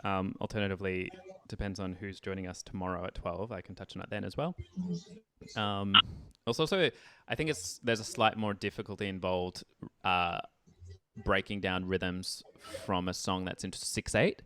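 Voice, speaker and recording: A man's voice: sits low, fairly even intonation, normal speed, fairly bright tone, a little hiss or hum. A man teaching an online music theory session in a chatty way, speaking lyrics aloud to show rhythm. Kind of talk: online group lesson.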